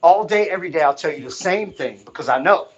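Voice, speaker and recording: A man's voice: a little high, animated, fast talker. Male vlogger, raised voice range, insistent and repetitive delivery, muffled lo-fi audio. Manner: emphatic, insistent, repeats himself for emphasis. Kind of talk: unscripted monologue to camera.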